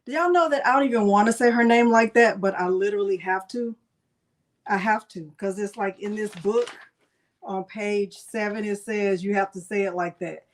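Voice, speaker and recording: A woman's voice: mid-range voice, normal speed. A woman hosting a casual crafting livestream, chatty and playful, greeting her viewers by name.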